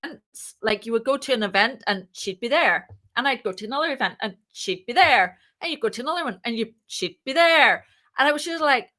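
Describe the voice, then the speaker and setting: A woman's voice: fairly high pitch, brisk. A woman who co-founded a startup, chatting casually in an interview and acting out the dialogue in her stories. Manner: chatty, animated, acts out quoted dialogue.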